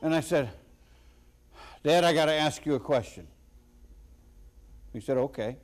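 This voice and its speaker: A man preaching a sermon as a pastor, slow and deliberate with sudden loud emphatic bursts. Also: fairly high pitch, animated.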